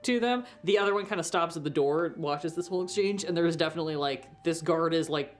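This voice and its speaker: A woman's voice: low voice, a little fast, soft background music. A woman narrating as game master in a tabletop game, chatty and full of fillers. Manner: chatty, lots of fillers, laughs often.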